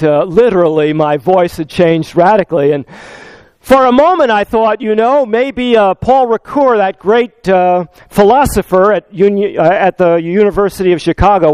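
An older man preaching a sermon in church, his voice going hoarse, rambling along with many fillers and wry asides. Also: high-pitched, a little mellow, no room sound. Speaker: pastor. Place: church service.

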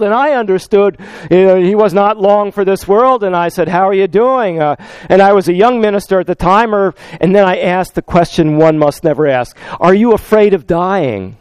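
A man's voice: sits high, darkish tone, clear, resonant tone, no room sound. Older male pastor with a fraying voice. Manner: rambling, with many fillers and wry asides. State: voice going hoarse. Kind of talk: sermon. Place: church service.

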